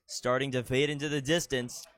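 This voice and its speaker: A man's voice: mid-range voice, little pitch movement, moderate pace, a bit bright. A man calling a baseball game play by play, with dry, teasing banter with his partner between the plays. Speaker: play-by-play commentator. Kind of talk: live baseball commentary.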